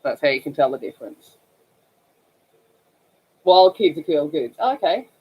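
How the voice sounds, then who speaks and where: This livestream host, a chatty Australian woman, explains slang to her viewers while coloring. She speaks in a deep, animated, unhurried voice with a darkish tone and a breathy edge, captured on a rough recording.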